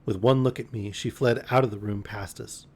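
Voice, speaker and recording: A man with a lowish voice reads a novel aloud as a bedtime story on a live stream. His reading is expressive, and now and then he breaks off for a wry comment. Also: normal speed, husky.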